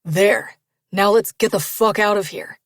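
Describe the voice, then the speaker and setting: A woman's voice: mid-range voice, unhurried, no room sound, clean studio sound, close to an everyday voice. A woman voicing a brash, hot-tempered young man who snarls orders at his friends. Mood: aggressive. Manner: snarling, ordering people around.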